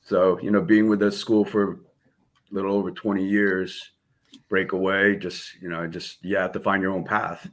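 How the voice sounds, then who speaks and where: Low-voiced Jersey-accented man telling stories. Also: little pitch movement, moderate pace. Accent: New Jersey. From Philippines. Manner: laid-back, laughing, acts out quoted dialogue. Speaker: guest martial arts instructor. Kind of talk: casual storytelling interview.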